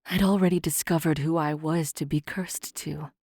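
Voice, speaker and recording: A woman voicing a wounded, vengeful male Fae king in a low, hushed, menacing half-whisper for an audiobook. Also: fairly even intonation, normal speed, breathy edge, dry recording, clean studio sound.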